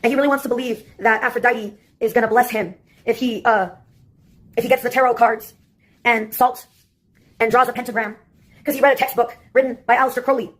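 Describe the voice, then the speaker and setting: A woman's voice: on the high side, fairly even intonation, brisk. A woman delivering a rambling, sarcastic comic monologue that jumps from topic to topic.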